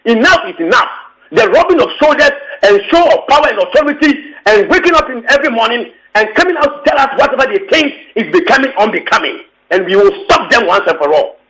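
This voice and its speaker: A man's voice: very high-pitched, animated, quick pace, bright, forceful tone, rough recording. A man with a Ghanaian English accent, speaking as a tenants union leader in an impassioned, emphatic interview statement, repeating points and slipping into local phrases. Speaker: tenants union secretary general.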